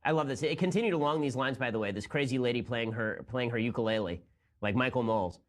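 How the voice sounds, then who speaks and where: A man's voice: mid-range voice, fast talker. A young man hosting a commentary show, talking in a sarcastic, incredulous way as he reacts to clips. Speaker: political commentator host. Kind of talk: rapid-fire sarcastic commentary.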